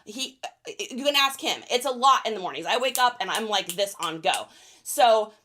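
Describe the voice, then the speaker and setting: A woman hosting a casual livestream while packing orders, chatty and high-energy. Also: expressive, moderate pace, sharp tone, slight background noise. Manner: high-energy, chatty, reads out viewer names. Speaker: reseller livestream host.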